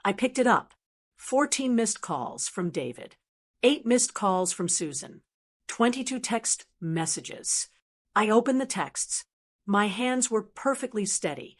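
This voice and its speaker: A woman narrating a first-person story in a calm, steady, measured way. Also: mid-range voice.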